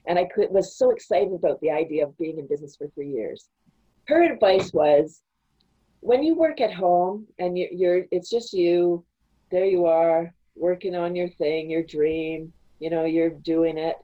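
A woman guest on a podcast, chatting casually and telling animated stories, often breaking into laughter. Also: lowish voice, normal speed, highs cut off. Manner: animated storytelling with frequent laughs. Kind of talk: casual interview chat.

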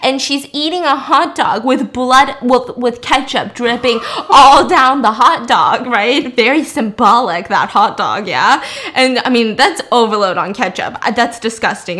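Podcast host, woman, slightly high voice, swears freely while retelling a movie scene by scene. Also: normal speed. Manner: animated, profane, jokey storytelling. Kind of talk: casual movie recap.

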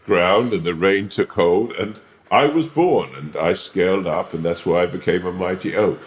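A man voicing a wise old oak tree, speaking slowly and solemnly. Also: low voice, reverberant, close to an everyday voice.

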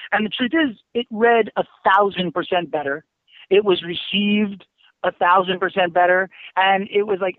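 On a casual podcast, a man who writes and teaches screenwriting rambles through stories, swearing often and packing in plenty of fillers. His voice sits high and has phone-quality sound, with no room sound.

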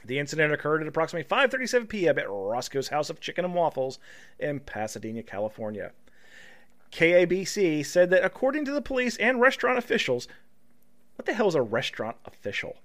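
A man's voice: on the high side, sing-song, fast talker, a bit bright. A man co-hosting a casual comedy podcast, reading news stories aloud and breaking off to joke and laugh. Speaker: podcast co-host.

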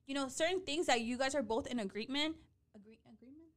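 A woman in her late twenties chatting casually as a co-host, animated and out of breath, swearing freely and slipping into Spanish. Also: high voice, quick pace. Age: late 20s. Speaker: podcast co-host. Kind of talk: casual chat.

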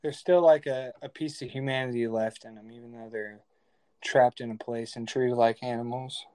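A man's voice: medium pitch, steady tone, normal speed, mellow, clean tone. A man as a guest in a casual chat, speaking in a laid-back, plain-spoken way. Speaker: podcast guest.

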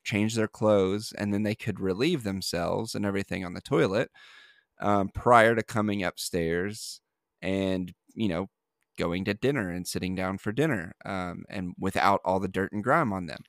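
Low-voiced man hosting a casual podcast. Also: no echo, studio quality. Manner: rambling, with many fillers and restarts. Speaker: podcast host.

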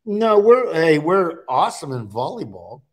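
A man's voice: a little high, a little slow. A middle-aged man from Nebraska chats casually in a slightly raised voice. He tells stories with energy and acts out what he said at the time. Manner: storytelling, animated, acts out his own quotes. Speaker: guest. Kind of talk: casual chat.

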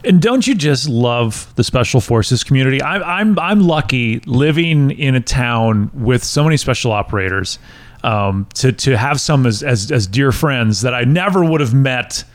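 A man's voice: medium pitch, animated, moderate pace. A man hosting a podcast, enthusiastic and joking, often restarting his sentences. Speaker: podcast host. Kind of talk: casual interview chat.

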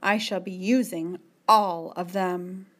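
A woman voicing a stern, commanding middle-aged woman who speaks in brisk, scolding orders. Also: on the low side, steady tone, fairly bright tone.

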